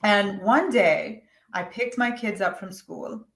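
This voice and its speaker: A woman speaking in the middle of her range tells her story frankly and with emphasis. She swings dramatically between quiet, heavy moments and forceful outbursts. The recording has a lot of room echo. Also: medium pitch, slow pace. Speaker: guest, business coach. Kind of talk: personal storytelling in an interview. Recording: echoey room.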